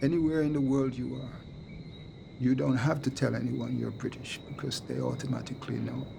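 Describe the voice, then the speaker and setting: A man speaking in a measured, thoughtful way with some hesitations, in a documentary interview. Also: medium pitch, level tone, gravelly, noisy background.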